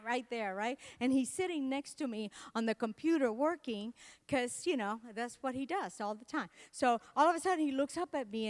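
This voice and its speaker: A middle-aged woman from Latin America giving a comedic keynote talk, telling animated stories and acting out the people she quotes. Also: a little high. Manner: animated storytelling, acts out quotes. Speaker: keynote speaker.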